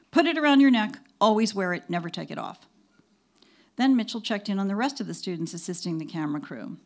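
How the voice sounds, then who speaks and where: A woman's voice: fairly low pitch, vocal fry. Older woman reading her memoir aloud. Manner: lively storytelling, briefly voicing quoted people. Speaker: memoir narrator.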